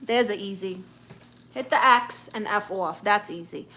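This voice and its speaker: A woman's voice: a little high, unhurried, bright, forceful tone. A woman hosting a casual live stream, reading viewer comments aloud and answering with blunt, sassy comebacks. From Puerto Rican and Guatemalan family.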